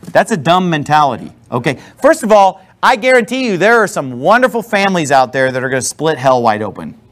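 A man's voice: a little high, big pitch swings, brisk, a bit bright. A man preaching a sermon as a pastor in a church, blunt and emphatic, with sarcastic asides. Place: church with a responding congregation.

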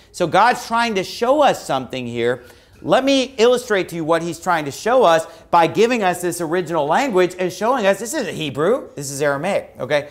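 A male preacher delivering an emphatic sermon to a congregation, arguing forcefully and mocking opposing views. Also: sits high. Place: church.

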